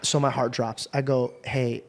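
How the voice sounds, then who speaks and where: Male host, somewhat high pitch, loose storytelling, heartfelt and profane. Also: expressive, fairly quick, background noise. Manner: casual, swears often, earnest and heartfelt. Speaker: podcast host. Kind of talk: casual conversation, storytelling.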